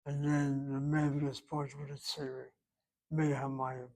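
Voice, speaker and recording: A man teaching a Hebrew grammar class, explaining slowly and repeating words for the students to hear. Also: mid-range voice, level tone, darkish tone, low-quality recording.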